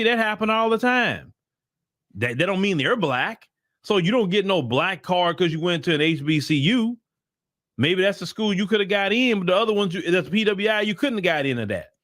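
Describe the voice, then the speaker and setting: High-voiced man giving blunt political commentary. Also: a bit bright, no room sound, studio quality. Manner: emphatic, blunt, repeats points for emphasis; casual vernacular talk to viewers. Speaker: political commentary channel host.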